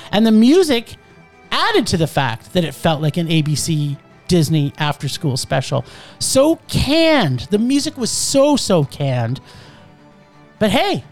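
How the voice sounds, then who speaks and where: Brief: woman host, exasperated ranter, very animated pitch. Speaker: podcast host reviewing films. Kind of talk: casual chat.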